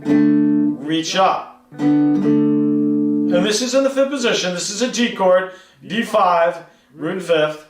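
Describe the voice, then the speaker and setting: A man's voice: high-pitched, lively intonation, takes it slowly, pauses often, roomy sound, recorded from a distance. A man teaching guitar on a live stream, coaching step by step and often checking in with "right?" and "see that?". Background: guitar playing.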